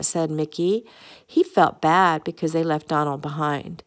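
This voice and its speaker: A woman's voice: low-pitched, steady tone, measured pace. A woman reading a children's picnic story aloud in a homey way, now and then stumbling and correcting herself. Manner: homey read-aloud with small slips and self-corrections. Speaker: storybook reader.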